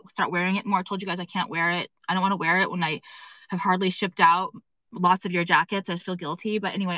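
A woman's voice: mid-range voice, pushed and bright, no echo, poor audio. A woman who owns a fashion brand, rambling and venting in a casual phone live stream, swearing often and filling with "like". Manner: rambling and exasperated, heavy swearing and fillers. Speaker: fashion brand owner livestreaming to followers. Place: indoors at an appointment.

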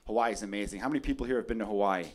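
A man's voice: lowish voice, racing, a little hiss or hum. A man from Chicago doing a stand-up comedy set on a club stage, brash and profane, talking straight to the crowd. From Chicago area. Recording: live club recording with crowd laughter. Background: audience laughter.

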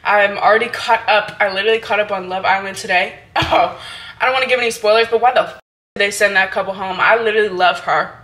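A woman's voice: medium pitch, fairly even intonation, fast talker, sharp tone. A woman in her twenties from Hawaii, chatting frankly to camera in a casual vlog, full of fillers and easy swearing. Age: 20s. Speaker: vlogger.

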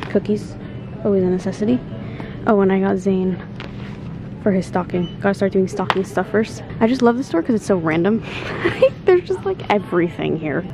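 A woman vlogging in a casual, chatty way, bubbly and easily excited as she talks through her shopping and cooking. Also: medium pitch, brisk, gravelly, over music. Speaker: lifestyle vlogger. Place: shops, car and home kitchen. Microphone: camera mic, handheld then tripod.

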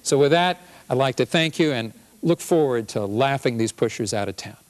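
A man, a physician and professor, giving a humorous public health talk with an animated, punchy delivery. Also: medium pitch, moderate pace.

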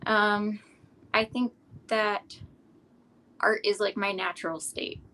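A middle-aged woman, an artist, chatting casually in an interview, relaxed and rambling with frequent ums. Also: mid-range voice, slow, slight background noise, rough recording. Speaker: artist guest.

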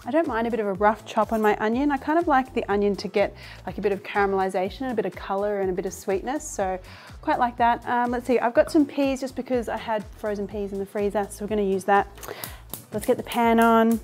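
A cheerful woman with a fairly high voice chats her way through a recipe in her home kitchen, laughing often as she goes. Soft music plays faintly behind her. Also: normal speed. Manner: chatty and enthusiastic, laughs often. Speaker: cooking show host. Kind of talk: casual cooking demonstration.

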